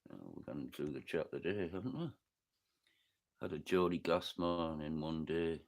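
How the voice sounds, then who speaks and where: A man with a northeast English accent hosts a loose, rambling livestream, reading out comments and riffing on them. His voice sits very low but swings widely in pitch as he jokes, swears freely and drifts off topic. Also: lively intonation, normal speed, creaky. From northeast England. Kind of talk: casual chat reading live comments.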